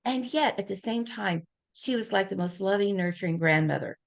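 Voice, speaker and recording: An older woman speaks as a guest at an informal talk. She tells her stories in a casual, animated way and brings each anecdote to life by acting out the people she quotes. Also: medium pitch, fairly quick, gravelly. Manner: lively anecdotes, acts out quoted voices.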